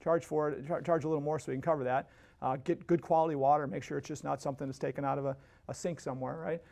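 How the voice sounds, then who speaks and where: High-voiced fast-talking man telling stories. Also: fairly even intonation, vocal fry, a little mellow. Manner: rambling, many restarts and tag questions. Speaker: podcast host. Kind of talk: casual storytelling.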